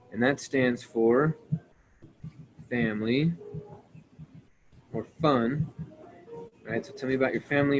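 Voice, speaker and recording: A man's voice: mid-range voice, a little hiss or hum, poor audio. A man leading a team training call, coaching his listeners and checking in with them as he repeats his points. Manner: acts out sample conversations.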